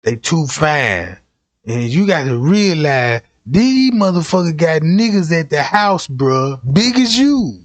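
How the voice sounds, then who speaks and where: A man's voice: on the high side, big pitch swings, a little slow, hardly any pauses, no echo. A young man livestreaming, telling profane, rowdy comic stories in a casual ranting way.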